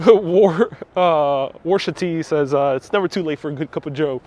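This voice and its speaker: On a casual live-stream walking tour outdoors in the city, a man chats along, laughing often and reading viewer comments aloud. His voice is on the high side and slightly mellow at a moderate pace, recorded with a wireless clip-on mic and a phone on a gimbal.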